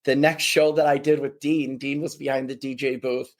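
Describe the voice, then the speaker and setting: A man telling casual stories as a podcast guest, lively and full of voices for the people in them. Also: mid-range voice, moderate pace. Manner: animated, does voices of people in his stories. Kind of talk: casual storytelling.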